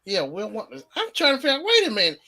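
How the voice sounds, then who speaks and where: A man hosts a loose, casual live chat, often laughing and breaking into hummed snatches of songs. His voice is bright and forward. His pitch swings widely as he talks. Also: huge pitch swings, fast. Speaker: show host.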